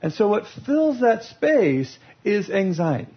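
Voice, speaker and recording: A man's voice: high-pitched, very animated, takes it slowly, husky. A man giving a humorous teaching talk about love languages, playful and laughing as he acts out scenes. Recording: lo-fi recording.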